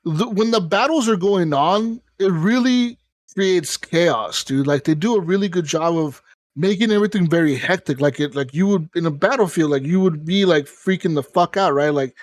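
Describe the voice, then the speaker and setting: High-voiced rambling, cursing man. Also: lively intonation, normal speed, no echo. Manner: rambling, profane, lots of "like". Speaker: podcast host. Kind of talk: casual chat about video games.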